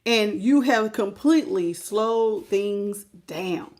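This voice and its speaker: A woman's voice: medium pitch, lively intonation, takes it slowly, a little mellow. A woman giving a live tarot reading, talking casually with her viewers, greeting them by name and laughing often. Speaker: tarot reader.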